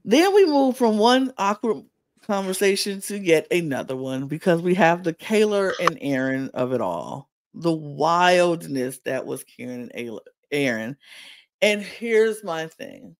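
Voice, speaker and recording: A podcast co-host giving a casual reality-TV recap. The speaker sounds incredulous and animated and repeats lines for emphasis. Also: medium pitch, moderate pace, no room sound.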